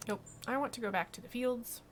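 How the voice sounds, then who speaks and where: A woman's voice: fairly high pitch, a little fast, heavy background noise. A woman streamer chatting casually to herself and her viewers as she plays a game. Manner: chatty, talks to herself and the chat. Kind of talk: casual gameplay commentary. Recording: game music playing behind.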